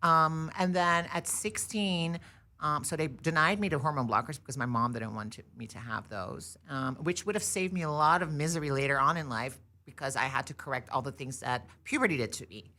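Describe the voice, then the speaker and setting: A woman's voice: deep voice, a little fast, bright, forceful tone. A woman in her thirties from Iran, a podcast guest telling her story candidly, acting out quotes as she goes. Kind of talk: casual interview chat.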